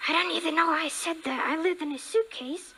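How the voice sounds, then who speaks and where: A young man voicing a cheeky wisecracking male ventriloquist dummy in a live stage act, all quick jokey banter. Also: very high-pitched, voice pushed up. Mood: chatty. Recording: live stage recording with background noise.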